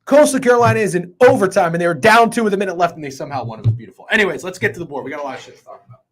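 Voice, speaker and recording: Excitable, foul-mouthed man hosting a betting show. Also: high-pitched, racing. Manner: excitable, profane and rambling. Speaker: sports betting show host. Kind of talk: casual sports betting chat.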